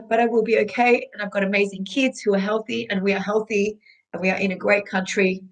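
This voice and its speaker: Australian woman fitness pro talking to camera, emotional and sincere, mid pitch. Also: steady tone, quick pace, rough recording. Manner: emotional, heartfelt, earnest. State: tearful, emotional. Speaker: fitness instructor. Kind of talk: candid personal vlog.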